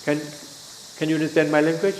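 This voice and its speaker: A man with a Thai accent, not a native English speaker, giving a Buddhist teaching in simple halting English. He keeps asking his listeners whether they understand and spells words out letter by letter. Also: a little high, steady tone. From Thailand. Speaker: Dhamma teacher. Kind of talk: Buddhist teaching talk to a group. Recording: echoey room with faint hiss.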